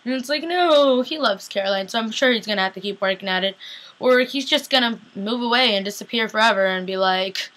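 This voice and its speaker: A young woman recapping a TV episode in a casual, chatty and excitable way, saying "like" a lot. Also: fairly high pitch, brisk. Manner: chatty and excitable, heavy use of "like". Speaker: TV recap vlogger.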